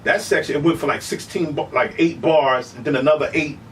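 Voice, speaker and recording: A middle-aged man telling stories as an interview guest, animated and casual, often saying "you know what I'm saying". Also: on the high side, fairly quick, recorded from a distance, slight background noise, poor audio. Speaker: human beatboxer, interview guest.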